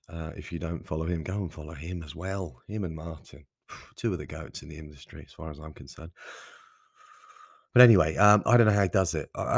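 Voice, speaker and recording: Male podcast host, deep voice, rambling and self-mocking, dry close-mic sound. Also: slightly rough, no room sound. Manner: rambling, self-deprecating, sprinkled with mild swearing. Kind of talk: casual solo podcast monologue.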